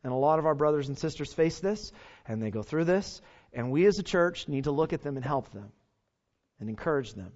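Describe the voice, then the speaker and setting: A man's voice: a little high, expressive, a little fast, a little mellow. A male pastor, preaching an earnest sermon and putting rhetorical questions to his congregation, on a dull lo-fi recording.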